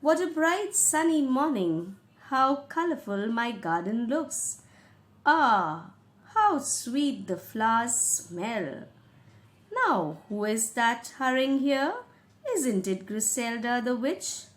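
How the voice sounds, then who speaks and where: Woman voicing a jolly storybook king, exclaiming brightly at a slow pace. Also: on the high side, lively intonation. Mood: cheerful. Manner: cheery and exclaiming, then mocking laughter. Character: cheerful, carefree adult male king.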